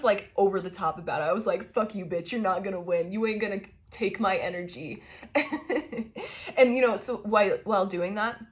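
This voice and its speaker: A woman with a mid-range voice and moderate pace gives a casual tarot reading. She swears freely, laughs a lot, and tells her story with animated energy.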